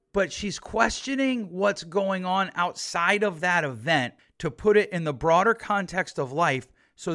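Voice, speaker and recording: A man's voice: high-pitched, fairly bright tone. A man, a therapist, talking through a podcast monologue with emphasis and repeated points.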